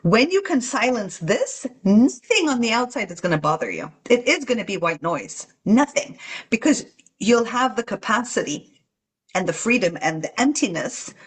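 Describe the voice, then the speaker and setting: Husky-voiced woman teaching spiritual calm. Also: a little high, moderate pace, low-quality recording. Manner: earnest, teaching, acts out inner voices. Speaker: guest channeler. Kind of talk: spiritual podcast talk.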